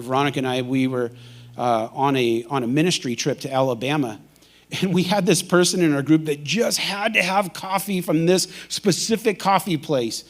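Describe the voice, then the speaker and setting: A male pastor preaching a sermon in a church, telling a story with lively acted-out quotes. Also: mid-range voice. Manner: animated storytelling, acting out quoted voices.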